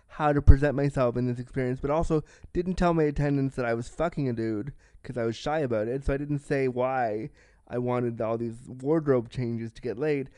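A man's voice: mid-range voice, darkish tone, no room sound. A man hosting a podcast, telling a candid personal story in a frank, self-deprecating way, swearing freely and acting out the people in it. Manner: acts out the people in his story. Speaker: podcast host.

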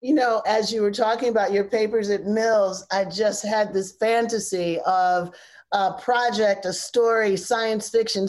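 A woman's voice: medium pitch, darkish tone. A woman hosting a conversational interview, reflective and building up rhetorical questions. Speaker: podcast host.

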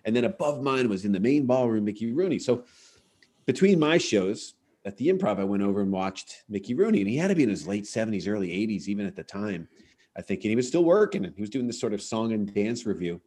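A man's voice: on the low side, expressive, quick pace, dark tone, breathy edge. A middle-aged man, a comedian hosting a podcast, telling stories in a casual chat and acting out the punchlines. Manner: anecdotal storyteller, acts out quoted voices with punchlines. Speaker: podcast host and stand-up comedian.

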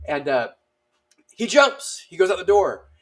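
High-pitched and unhurried, a man in his thirties, a guest who served in the army, tells stories casually. He gives an animated delivery, performing the lines of those in the tales, with many fillers.

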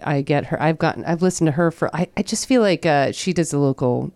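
A woman's voice: low-pitched, a little fast, a little mellow, no echo. A woman hosting a podcast in casual chat, talking sports with strong opinions and jumping between tangents. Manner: chatty, jumps between tangents. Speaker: podcast host.

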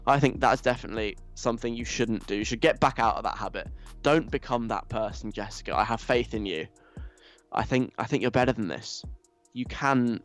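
A young man hosting a radio show, reading listener messages aloud and answering them in a teasing, mock-stern way. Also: mid-range voice. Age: young adult.

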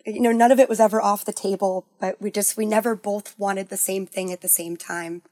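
A woman sharing a personal story in a candid, halting way, full of "like" and restarts, her voice sinking low at the sad parts. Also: fairly even intonation, no room sound, clean studio sound. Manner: halting, full of "like" and restarts, softening to near-whispers at sad moments.

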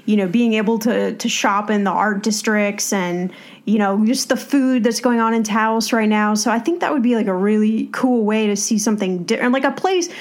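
A woman's voice: mid-range voice, moderate pace. A woman from the United States co-hosting a casual travel podcast, chatty and full of "you know" and "like". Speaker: podcast co-host.

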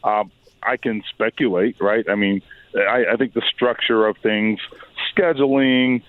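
A hoarse, raspy man speaks over a thin, phone-like line as a radio guest. His voice sits low, and the room around him sounds dry. He picks his words slowly, with plenty of fillers and restarts. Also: steady tone, no echo. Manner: thoughtful, hesitant with many fillers and restarts. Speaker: sports reporter guest.

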